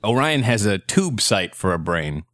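A man in his thirties hosts a loose comedy podcast, cracking crude jokes and laughing between lines. His pitch swings up and down a lot, and the sound is dry and close with no room echo. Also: big pitch swings, measured pace, fairly bright tone. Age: 30s. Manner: crude joking, laughs often. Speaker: podcast host. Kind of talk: casual comedic chat.

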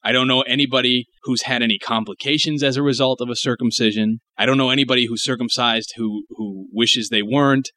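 Bright-voiced young man ranting crudely. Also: mid-range voice, fairly even intonation, a little fast, few pauses. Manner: profane, emphatic ranting. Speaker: podcast co-host. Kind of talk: crude casual chat.

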